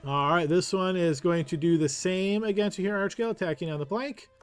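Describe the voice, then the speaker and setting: A man narrating a tabletop game as game master, giving brisk, matter-of-fact rulings. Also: high-pitched, smooth, soft background music.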